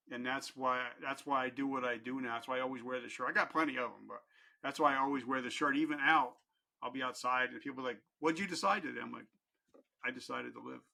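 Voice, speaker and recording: A man's voice: mid-range voice, little pitch movement, brisk, vocal fry, bright, forceful tone. A middle-aged man telling his personal story as a podcast guest, candid and earnest, with blunt, casual language.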